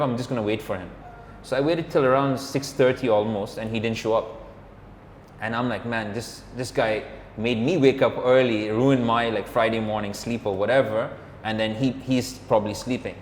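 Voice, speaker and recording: A man telling a story in a casual, rambling chat, filling his talk with "like" and "or whatever" and acting out what others said. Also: medium pitch. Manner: rambling, filler-heavy, acts out quoted dialogue. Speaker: podcast co-host, motorcyclist. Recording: roomy, reverberant room with faint background hum.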